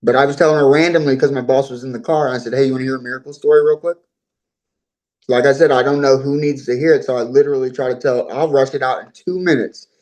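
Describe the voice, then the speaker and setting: A man as an interview guest, telling his own story in a voice of average pitch. He talks on earnestly and at length, and he often repeats and restarts his words. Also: fairly even intonation, fast, few pauses, darkish tone, rough recording. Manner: earnest, talkative, repeats himself.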